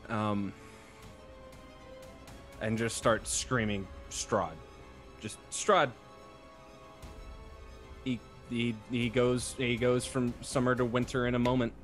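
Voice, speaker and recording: A mid-pitched man at a tabletop game, animatedly describing his character's every move. His voice sits in an ordinary range, with faint music playing behind. He talks quickly and eagerly. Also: level tone. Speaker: player.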